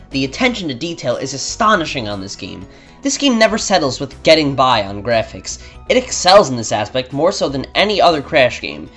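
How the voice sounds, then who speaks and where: A man's voice: fairly high pitch, a bit bright. A man narrating a scripted game review in a blunt, opinionated, sarcastic manner.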